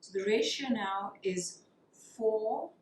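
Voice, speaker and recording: Slow, calm woman guiding yoga breathing. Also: medium pitch, a little hiss or hum. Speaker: yoga teacher. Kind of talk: guided yoga breathing instruction. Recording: echoey room with faint ambience.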